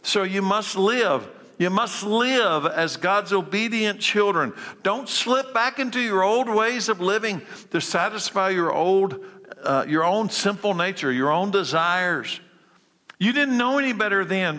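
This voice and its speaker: A man preaching a sermon as pastor, swinging between urgent emphatic calls and low, quiet lines. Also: expressive, measured pace. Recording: long reverb of a large hall.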